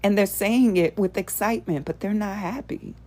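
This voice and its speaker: A woman with a mid-range, slightly dark voice speaks at a moderate pace. She hosts a show and teaches spiritual principles to a live audience, earnest and conversational, often posing rhetorical questions to them.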